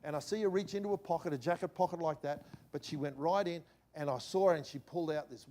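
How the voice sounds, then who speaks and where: A middle-aged pastor tells a personal story from the pulpit in a fairly high voice. He is animated, swinging from loud bursts to quiet asides. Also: fast talker. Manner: animated anecdote-telling with swings in loudness. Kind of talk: sermon storytelling.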